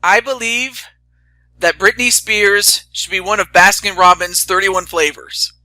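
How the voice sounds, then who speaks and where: A man's voice: sits high, steady tone, a little slow, sharp tone, no echo. A young man hosting a casual chat, rambling with stammering restarts and fillers. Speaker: host.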